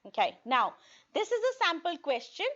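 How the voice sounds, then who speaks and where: A woman with a high voice gives a recorded test-prep lesson, going over tips and often pausing to ask "okay?". The sound is a bit dull and lo-fi. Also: sing-song, a bit bright. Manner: repeats points, checks in with "okay?". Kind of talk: online video lesson.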